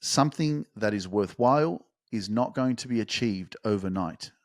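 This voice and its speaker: A man hosting a motivational podcast, talking fervently and emphatically, swearing for emphasis and building to fast, intense peaks. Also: fairly low pitch, lively intonation, no echo, studio quality. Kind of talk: motivational monologue.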